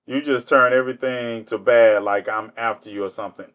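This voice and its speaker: A man's voice: mid-range voice, fairly even intonation, brisk, a bit bright, smooth, lo-fi sound. A man hosting a live stream, answering commenters in casual speech, mocking them with rhetorical questions. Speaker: livestream host.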